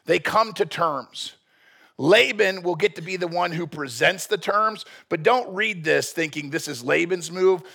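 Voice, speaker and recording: Male pastor, blunt and joking sermon delivery, husky gravelly voice, fairly high. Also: a little slow, sharp tone. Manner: blunt, joking, earnest preaching.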